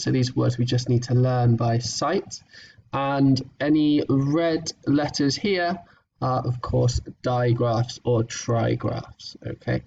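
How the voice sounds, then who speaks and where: A man teaching a recorded phonics lesson to young children, encouraging and patient, sounding words out slowly. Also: mid-range voice, a little mellow, recorded from a distance, dull audio, a little hiss or hum.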